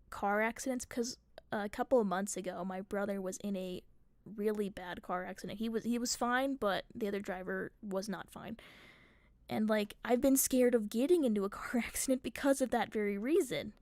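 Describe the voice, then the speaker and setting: A woman's voice: medium pitch, normal speed, darkish tone, no echo. A young woman streamer telling a story casually and with animation, swearing often as she goes.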